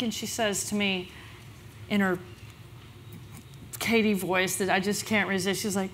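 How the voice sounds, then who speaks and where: A woman speaking on a conference panel about her business, telling the story in a lively, chatty way. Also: a little slow, long pauses, background noise. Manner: lively storyteller, quotes others with big pitch jumps.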